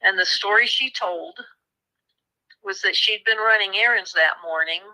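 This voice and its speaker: A woman author, appearing as a guest, tells a true crime case as a conversational story, animatedly acting out the voices of the people she quotes. Her voice is mid-range and measured in pace, though the audio is poor.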